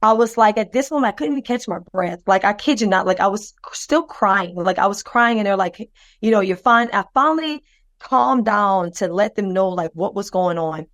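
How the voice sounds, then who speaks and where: This podcast co-host has a mid-range voice at normal speed, captured in a dry recording. She shares a personal anecdote that wanders, restarts and fills with fillers, acting out other people's voices with lively expression.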